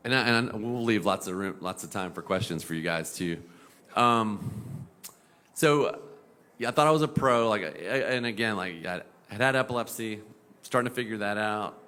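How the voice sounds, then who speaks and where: A middle-aged man and pediatric epilepsy doctor, talking casually on a panel, animated and full of fillers, now and then mimicking voices. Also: on the low side, normal speed. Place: event panel.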